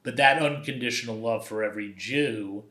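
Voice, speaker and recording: A man, a guest telling personal stories in an animated, conversational way. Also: medium pitch, moderate pace. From Brooklyn, New York. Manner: animated anecdotal storyteller, acts out quoted voices. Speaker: guest, documentary photographer. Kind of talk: conversational storytelling. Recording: roomy echo.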